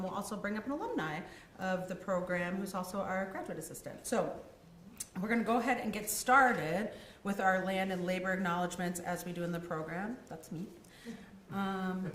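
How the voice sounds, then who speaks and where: A woman's voice: mid-range voice, a bit bright, a little hiss or hum. A woman hosting a ceremony, giving a formal, earnest welcome speech with frequent ums to an audience in an event room. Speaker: program manager hosting a ceremony. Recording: echoey room.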